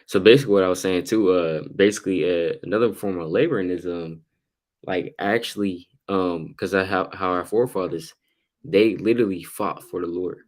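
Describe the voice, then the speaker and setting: A man's voice: low-pitched, brisk. A man teaching from the Bible in a casual way. He reads verses aloud, then explains them in everyday slang with lots of "man" and "you know".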